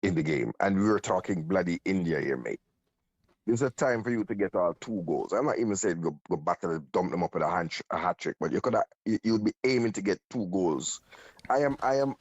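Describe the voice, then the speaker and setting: A man's voice: sits low, a little mellow, no echo, highs cut off. A man, co-hosting a casual football chat, blunt and critical, often stammering as he restarts his sentences.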